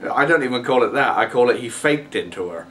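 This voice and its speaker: A man vents in a loose, rambling rant, full of fillers and false starts. His pitch sits mid-range, and he sounds a little distant from the mic. A faint hiss runs underneath. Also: animated, quick pace, fairly bright tone. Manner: exasperated, rambling, many fillers and restarts. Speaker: vlogger. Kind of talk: casual rant to camera.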